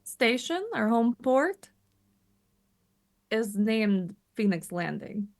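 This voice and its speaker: A woman's voice: fairly high pitch, animated, slow, vocal fry, darkish tone. A woman player at a tabletop game, with a wry, businesslike manner. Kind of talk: casual chat at a tabletop game.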